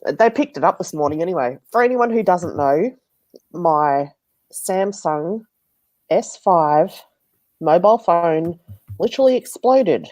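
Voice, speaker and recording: Australian woman, live-stream co-host, animated, stuffy-nosed, dry close sound. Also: fairly low pitch, no echo. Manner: chatty, laughs loudly, swears casually. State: stuffed-up sinuses. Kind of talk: casual live-stream chat.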